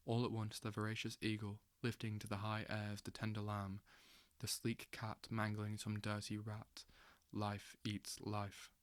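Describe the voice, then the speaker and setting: A man reading a literary novel aloud as an audiobook, slow and intense, with dramatic swells. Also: fairly low pitch, completely flat delivery, dry recording. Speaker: audiobook reader.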